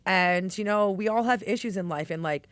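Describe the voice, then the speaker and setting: A woman's voice: mid-range voice, normal speed, no room sound. A woman tells her stories with brash, streetwise energy. She is a chef talking in an interview. Her voice sits in a middle register and is recorded close and dry. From New York. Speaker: guest chef. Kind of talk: animated storytelling in conversation.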